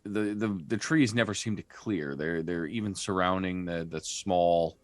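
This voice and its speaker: A man's voice: sits low, unhurried, dry recording. A man narrating a tabletop game as game master, describing scenes with frequent fillers and restarts. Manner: descriptive, hesitant with many fillers.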